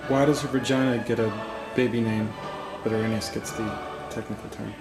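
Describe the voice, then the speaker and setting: A man's voice: on the low side, fairly even intonation, fairly quick, reverberant, over loud music. A man off camera asking a dry, joking question.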